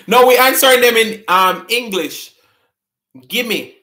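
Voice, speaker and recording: Jamaican male streamer host, unhurried, laughs a lot, echoey room. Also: very high voice, big pitch swings, bright, forceful tone. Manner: repeats words slowly and laughs often. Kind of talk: live-stream trivia chat with viewers.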